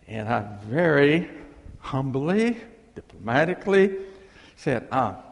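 A man telling a funny personal story to a live audience, animated and self-deprecating, dragging out his punchlines. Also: a little high, measured pace, vocal fry. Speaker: speaker addressing a live audience. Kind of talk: humorous personal storytelling talk. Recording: long reverb of a large hall.

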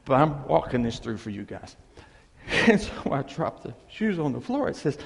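A man telling a funny personal story to a live audience, animated and self-deprecating, dragging out his punchlines. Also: mid-range voice, normal speed, vocal fry. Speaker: speaker addressing a live audience. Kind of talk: humorous personal storytelling talk. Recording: long reverb of a large hall.

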